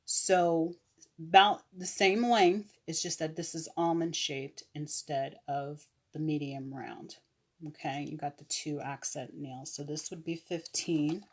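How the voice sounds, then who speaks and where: A woman casually showing her nail products on a live stream, chatty, with fillers and quick self-corrections. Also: low voice, fairly even intonation, husky. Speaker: online nail seller.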